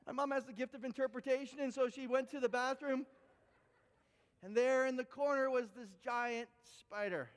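A man preaching a sermon, telling a story with animated, expressive delivery. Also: normal speed. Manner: animated storytelling with big pitch swings. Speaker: pastor. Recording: echoey hall with long reverb.

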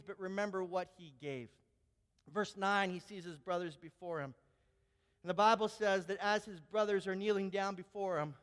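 A very high-pitched male preacher tells a story from the pulpit with animated energy, building to shouted peaks. His voice rings through a large hall with long reverb. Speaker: pastor. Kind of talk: sermon with personal story.

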